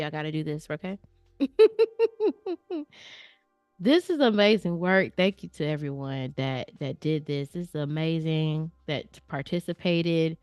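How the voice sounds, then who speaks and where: Reviewing artwork sent in by viewers, this livestream host talks to them playfully and casually, using slang and getting straight to the point. She has a low, darkish voice captured in a dry, studio-quality recording, with faint music playing behind her.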